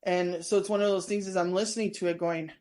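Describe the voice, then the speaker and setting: A woman's voice: lowish voice, steady tone, fast, warm tone. Chatty woman rambling through stories. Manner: chatty, meandering, full of restarts. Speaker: guest, former prison staff member and tour guide. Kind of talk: casual storytelling in a podcast interview.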